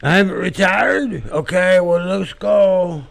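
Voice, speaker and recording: A man doing an impression of a dazed, confused aging male rock star who talks in a slow, slurring drawl. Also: high-pitched, vocal fry, pitched above the performer's own voice, exaggerated voice. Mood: befuddled.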